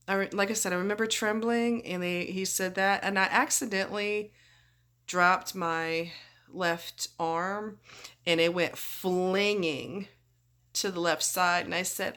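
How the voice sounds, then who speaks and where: A woman's voice: fairly low pitch, steady tone, a little slow, a bit bright. A woman vlogging after surgery, groggy and chatty, rambling through her story and acting out what people said. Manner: chatty, rambling, acts out quoted voices. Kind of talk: casual storytelling.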